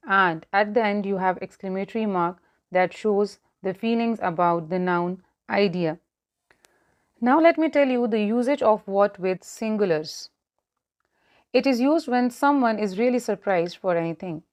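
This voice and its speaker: Woman, English teacher, mid-pitched voice, clear measured delivery of examples. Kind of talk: grammar lesson.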